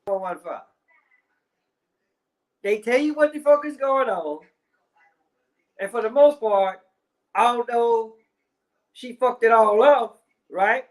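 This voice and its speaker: A man's voice: very high-pitched, animated, slow pace, long pauses. A man ranting in casual commentary, heavy on swearing and repeated fillers. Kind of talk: profane rant.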